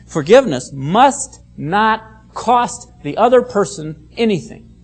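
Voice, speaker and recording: A pastor preaching a sermon, stressing key phrases by repeating them, explaining Bible words and reading scripture aloud. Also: medium pitch.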